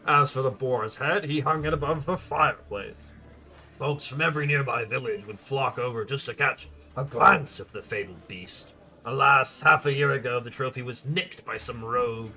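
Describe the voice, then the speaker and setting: A folksy tavern keeper with a homespun Southern drawl, as a man puts him on. He rambles hospitably about the village, his voice bright and forward at an ordinary middle pitch. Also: moderate pace. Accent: attempted American Southern drawl. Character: jovial village tavern keeper, proud storyteller.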